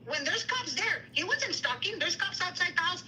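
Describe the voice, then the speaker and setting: Woman, very high bright voice, heated livestream rant, faint noise behind. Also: big pitch swings, rough recording. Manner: indignant, rapid retelling with quoted dialogue, mixes Spanish.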